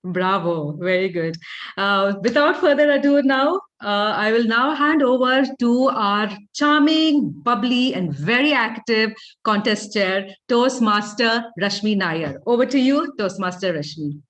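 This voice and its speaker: A woman's voice: on the high side, lively intonation, a little slow, a bit bright, highs cut off. A woman hosting an online club meeting over a video call, chatty and welcoming as she greets people. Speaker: meeting host.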